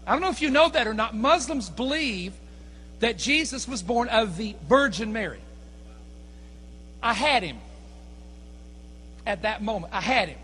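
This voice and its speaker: A man preaching a sermon, telling a story in an animated, emphatic way that builds to shouts. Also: very high-pitched, measured pace, pauses often, husky. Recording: echoey hall with long reverb, mains hum.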